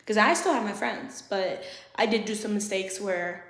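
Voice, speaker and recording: A young woman telling an animated, laughing story time full of swearing. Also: mid-range voice, normal speed. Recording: roomy echo.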